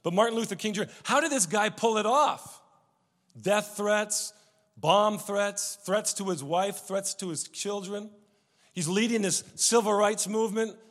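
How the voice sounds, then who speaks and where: A man's voice: sits high, gravelly. Preaching man in a reverberant hall. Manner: animated storytelling with repeated restarts, swinging from loud to hushed. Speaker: pastor. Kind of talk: sermon.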